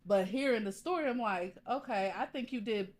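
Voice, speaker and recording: A woman's voice: on the high side, normal speed. A woman co-hosting a podcast who joins the casual talk with thoughtful follow-up questions. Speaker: podcast co-host. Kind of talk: casual conversation.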